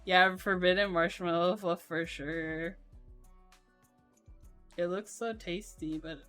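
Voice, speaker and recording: A young woman streaming, chatting casually while she builds a keyboard, in a voice she calls monotone and with frequent laughter. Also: lowish voice, takes it slowly, clear, resonant tone, faint music behind. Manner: self-described monotone voice, laughs often.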